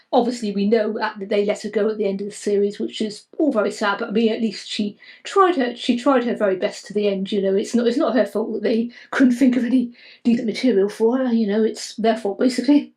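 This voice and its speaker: A woman co-hosting a casual podcast discussion, talking haltingly with many restarts and repeated fillers. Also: medium pitch, darkish tone, poor audio. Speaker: podcast co-host.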